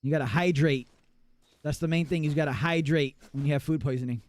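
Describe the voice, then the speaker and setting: A male streamer talks casually to his chat during a live gaming session. His voice sits a little high for a man, and he swears freely and breaks into laughs often. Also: brisk. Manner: excitable, profane, laughs often.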